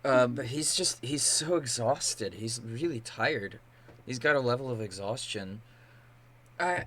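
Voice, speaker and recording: A man playing a tabletop roleplaying game, halting and weary in character. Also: mid-range voice, a bit bright. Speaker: player.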